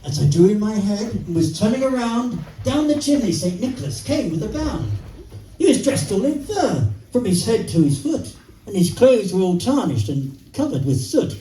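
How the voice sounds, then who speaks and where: A man's voice: high-pitched, very animated, normal speed, mellow, far from the mic, slight background noise. Theatrical Father Christmas man, echoey room. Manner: theatrical, sing-song, playful. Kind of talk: reciting a poem and leading carols for children.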